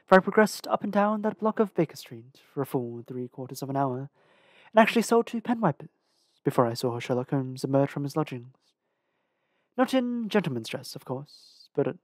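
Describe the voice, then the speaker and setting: Dry, measured audiobook narrator. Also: mid-range voice, darkish tone, no room sound. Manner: measured, careful reading with small restarts. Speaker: audiobook reader. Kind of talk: storybook narration.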